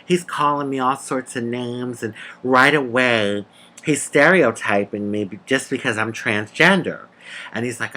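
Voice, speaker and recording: Sassy storytelling woman, bright forceful voice, calls you honey. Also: extremely low pitch, lively intonation, moderate pace. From United States. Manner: laughs between lines. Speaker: vlogger. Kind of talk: casual personal storytelling.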